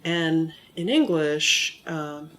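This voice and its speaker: An accent modification instructor explaining in an interview, in a measured, teacherly way, sounding a little monotone from a recent cold. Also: medium pitch. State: recovering from a cold, somewhat monotone.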